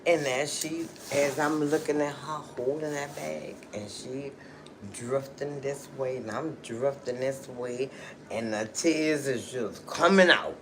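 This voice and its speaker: A woman's voice: very deep voice, slow pace, background noise. A woman telling a personal story to her livestream viewers in a chatty, emotional way, full of "you know" and "okay". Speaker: livestream host.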